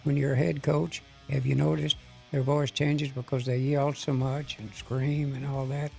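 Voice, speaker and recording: しゃがれ声の年配男性ゲスト. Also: male voice, medium pitch, level tone, gravelly, darkish tone, faint music behind, poor audio. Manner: measured, advising. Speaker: guest, retired referee. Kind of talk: radio talk.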